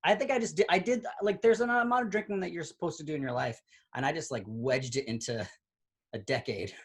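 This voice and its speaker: A woman's voice: deep voice, brisk, breathy edge. A woman from Boston with no regional accent, hosting a casual comedy chat and talking in a self-deprecating way with stammered restarts.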